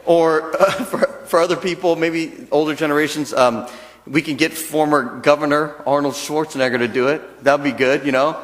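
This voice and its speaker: A man's voice: a little high, steady tone, normal speed. A man giving a chatty, joking dharma talk as a temple minister. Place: temple hall. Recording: long reverb of a temple hall.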